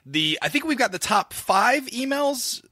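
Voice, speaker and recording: A man's voice: very high voice, very animated, a little slow, bright, forceful tone, no echo, clean studio sound. A man from Florida co-hosting a podcast, chatting loosely with lots of fillers and restarts. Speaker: podcast co-host. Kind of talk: casual podcast chat.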